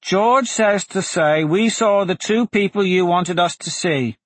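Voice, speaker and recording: A man voicing an eager young street boy in a storybook reading, giving quick high answers. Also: no room sound.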